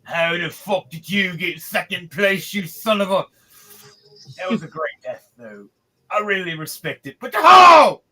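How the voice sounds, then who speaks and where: A man putting on a sore-losing red-bearded dwarf from a tabletop game. He is gruff and cursing, with a sharp, bright edge to his voice. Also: high-pitched, lively intonation, unhurried, pitched above the performer's own voice, full character voice. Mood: grudging. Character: angry red-bearded male dwarf, grudging.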